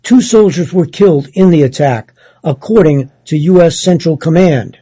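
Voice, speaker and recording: A man reading a news article aloud in a measured, steady way, sometimes stopping to correct himself. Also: on the high side, husky, dry recording, poor audio. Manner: measured, steady read with occasional self-corrections.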